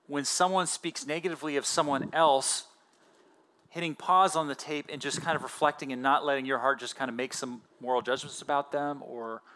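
A man in his thirties, a pastor giving a conversational sermon with casual fillers and animated emphasis. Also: mid-range voice.

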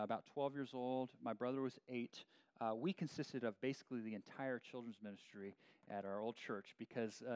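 A man's voice: medium pitch, smooth, no room sound. A man preaching a sermon as a pastor, in a conversational way with frequent restarts. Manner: conversational, animated with many restarts.

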